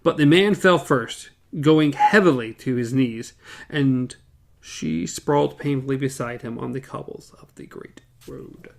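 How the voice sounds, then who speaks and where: Wry, lively male podcast co-host. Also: mid-range voice, measured pace, gravelly. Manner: wry, joking, lively delivery. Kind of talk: casual book discussion and reading aloud.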